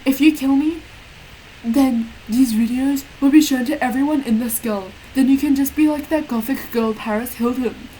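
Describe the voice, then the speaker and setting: Brief: woman voicing cruel sneering male wizard teacher, slightly high, faint hiss behind. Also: steady tone, moderate pace, mellow, lightly acted, low-quality recording. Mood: menacing.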